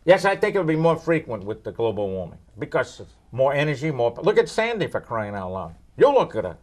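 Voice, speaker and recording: A man's voice: mid-range voice, a little fast. An older man from New York, a meteorologist answering viewer questions with teasing jokes. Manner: wisecracking, teasing, lively. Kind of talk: joking Q&A banter.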